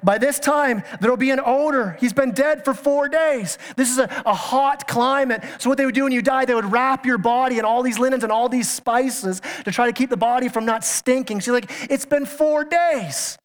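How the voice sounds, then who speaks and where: Very high-voiced and fairly quick, this pastor barely pauses as he preaches. His sermon is earnest and emphatic, full of questions for his listeners and the odd stumbling restart, with the church hall's long reverb surrounding it.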